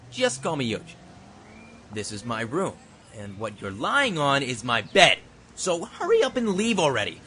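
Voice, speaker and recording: A man's voice: a little high, sharp tone, a little hiss or hum, heavily acted. A man voicing a laid-back, teasing young man in a fan audio drama. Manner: teasing, breezy, swings up and down.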